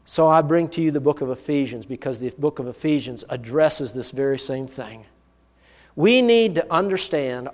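A man preaching a sermon, telling a personal story in an earnest, vivid way. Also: a little high. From United States. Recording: long hall reverb.

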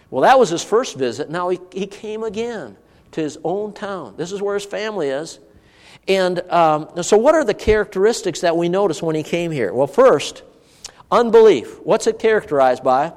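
A man's voice: high voice, in a large hall. A man preaching a sermon, asking the congregation rhetorical questions as he goes. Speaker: pastor.

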